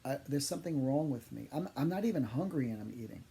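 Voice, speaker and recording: A man, a psychic medium, telling funny stories to camera in a chatty, animated, self-deprecating way. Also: medium pitch, fast talker, gravelly. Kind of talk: storytelling monologue to camera.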